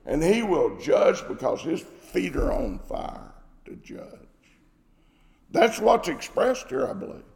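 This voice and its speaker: A man's voice: high voice, sing-song, takes it slowly, gravelly, a little mellow. A man preaching a sermon, emphatic and repeating his phrases for stress. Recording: echoey hall with long reverb.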